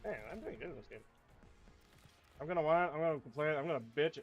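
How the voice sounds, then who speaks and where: A man giving casual let's-play commentary, swearing at enemies and whining about his play in loud, repetitive outbursts. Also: fairly high pitch, quick pace, lo-fi sound, soft background music. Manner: profane, whiny trash talk at enemies; excitable outbursts and repeated phrases. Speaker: gamer.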